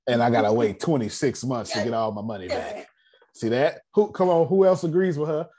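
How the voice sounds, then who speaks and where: A man runs a casual personal finance class over a video call, speaking directly to his group in a slangy, animated style. His voice is mid-range and brisk.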